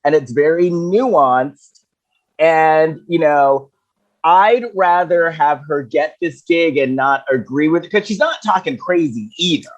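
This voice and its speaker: A woman co-hosting a book podcast, telling stories in a blunt, animated and emphatic way. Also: low voice, measured pace, lo-fi sound. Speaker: podcast co-host discussing a book. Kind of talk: casual chat.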